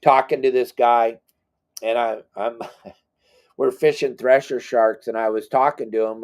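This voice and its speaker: A middle-aged man, a fishing guide and boat captain, telling stories in a casual, animated, self-deprecating way. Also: mid-range voice, a little slow. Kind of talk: casual storytelling.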